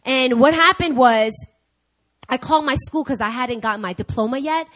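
Young woman preacher, lively storyteller who voices each person in her story. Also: high-pitched, moderate pace. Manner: animated storytelling, acting out dialogue in different voices. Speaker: speaker. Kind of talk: sermon storytelling. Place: church.

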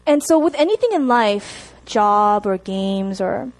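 A young woman preaching a sermon to a congregation, chatty and animated, often checking in with the room. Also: mid-range voice, a little slow. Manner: animated, chatty, laughs at herself, asks the room to respond.

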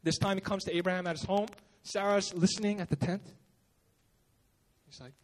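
This pastor's high-pitched voice moves at a normal speed, broken up by long pauses. He gives a conversational sermon at a church service, telling the story in an informal way with many fillers and quotes he acts out.

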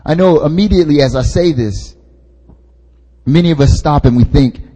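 A man's voice: a little high, moderate pace, long pauses, warm tone, slightly rough. A young man, an intern pastor, preaching at a prayer meeting in a casual, joking way, repeating his key points for emphasis. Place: church hall. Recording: long hall reverb.

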